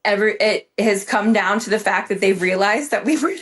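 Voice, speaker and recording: A woman guest on a podcast, telling a story in a casual, animated way and swearing freely. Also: mid-range voice, moderate pace.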